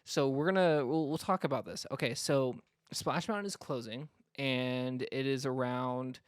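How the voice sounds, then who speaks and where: A man's voice: medium pitch, fairly even intonation, moderate pace, clear, resonant tone, no echo, clean studio sound. A man from North Florida co-hosting a podcast, talking in a rambling casual way full of fillers. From North Florida, US South. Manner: rambling, many fillers and restarts. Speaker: podcast co-host. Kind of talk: casual chat.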